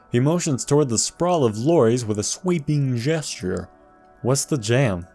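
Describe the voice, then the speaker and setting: A man's voice: mid-range voice, expressive, a little slow, mellow, soft background music. A man casually commenting on a video game walkthrough, reading the game's text aloud and adding dry jokes.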